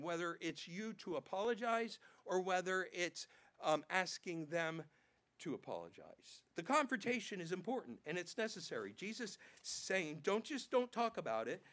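A male pastor preaching a sermon, animated, acting out quotes in changing voices and often repeating words. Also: high-pitched, moderate pace.

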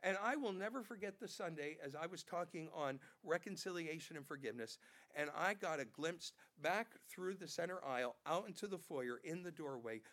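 High-voiced male pastor preaching animatedly. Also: normal speed. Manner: animated preaching, acting out quotes, repeats words. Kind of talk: sermon.

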